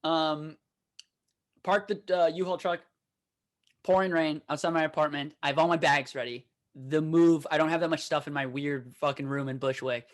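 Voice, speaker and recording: A young man co-hosting a podcast, telling a story in profane, animated casual chat and shouting out quoted lines. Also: a little high, normal speed. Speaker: podcast co-host.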